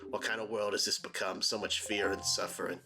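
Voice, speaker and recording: A man voicing a gloomy townsman who speaks in a low, grave, mournful way. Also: level tone, brisk, vocal fry, pushed and bright, exaggerated voice.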